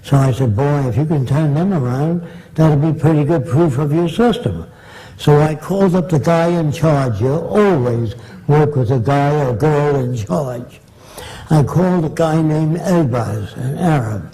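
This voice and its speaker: An older man with a fairly high, dark-toned voice, speaking a little slowly, answers audience questions in a Q&A with long, blunt, rambling anecdotes. He acts out the people he quotes, and the audio is poor.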